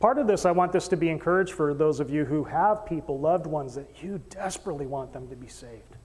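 A man preaching a sermon as pastor, animated storyteller who acts out voices and jokes with the congregation. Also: a little high, a little fast, long reverb tail. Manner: animated storytelling, acting out quoted voices, joking with the crowd. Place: church stage in a hall.

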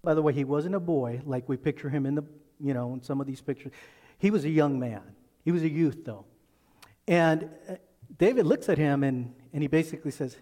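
Man, pastor, sermon, fairly high voice, long echo of a big hall. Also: warm tone. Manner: reads scripture, then retells it in casual storytelling. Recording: long reverb of a large hall.

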